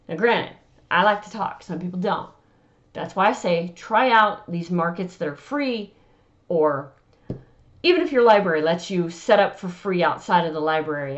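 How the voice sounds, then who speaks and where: A woman's voice: on the low side, muffled recording. A woman author giving chatty, emphatic advice on selling at vendor markets and often acting out conversations. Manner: chatty and emphatic, acts out customer dialogue. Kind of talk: casual advice talk to camera.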